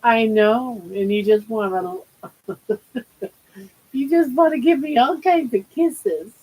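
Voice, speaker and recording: A woman's voice: fairly high pitch, slow, darkish tone, breathy edge, low-quality recording. An older woman hosting a casual livestream from home, cooing baby talk to her pet. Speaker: livestream host.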